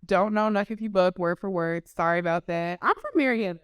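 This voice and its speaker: A woman hosting a live panel talk, chatty and lively, with laughing asides to the audience. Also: lowish voice, brisk, smooth, no echo, studio quality. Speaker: panel host.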